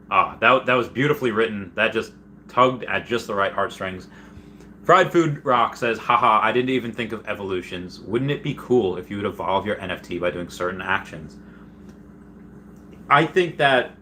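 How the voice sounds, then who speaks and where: An excitable man hosts a casual livestream, chatting through viewer comments and rambling from one thought to the next. His voice sits fairly low but comes across bright and forceful. A faint hiss of noise runs underneath. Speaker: livestream host.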